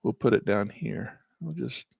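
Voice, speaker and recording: Gravelly-voiced man teaching chart trading. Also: fairly low pitch, animated, unhurried, a little mellow, no echo, studio quality. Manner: casual, thinks aloud while clicking through charts; chatty asides to viewers. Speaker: trading instructor. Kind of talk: live screen-share trading lesson.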